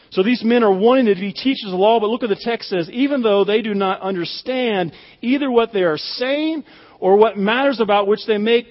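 A man's voice: high voice, big-room sound, lo-fi sound. A pastor delivering a conversational, emphatic sermon, often repeating his words as he speaks.

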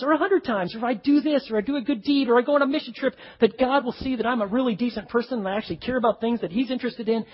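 A male pastor preaching a sermon in a lively, conversational way with frequent asides to the congregation. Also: very high voice, breathy edge, long reverb tail, highs cut off.

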